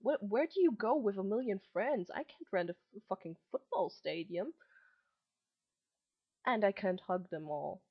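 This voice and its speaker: The recording is lo-fi, and her medium-pitched voice is breathy, lively in intonation and a little slow. She's a vlogger in her late teens who grew up in Germany and Malaysia, speaking English with a slight mixed accent and chatting on webcam in a rambling way, full of ums and false starts.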